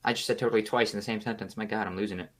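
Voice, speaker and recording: A man's voice: on the low side, fairly even intonation, rapid-fire. A young man co-hosting a podcast, chatting casually and rambling through stories where he acts out both sides of phone calls. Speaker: podcast co-host. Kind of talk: casual chat.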